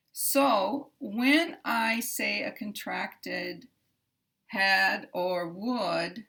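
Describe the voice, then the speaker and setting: A woman teaching English pronunciation, explaining sounds in a careful, measured way and repeating example sentences. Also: medium pitch, creaky, bright, forceful tone. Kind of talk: slow, deliberate pronunciation lesson.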